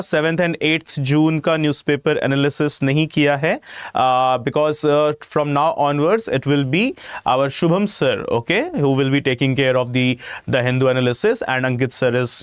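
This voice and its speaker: A man's voice: medium pitch, clear, resonant tone, no echo, clean studio sound. A man with an Indian English accent teaching a live online exam-prep class, emphatic and constantly checking in with "okay" and "you know". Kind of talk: live-streamed class talk to students.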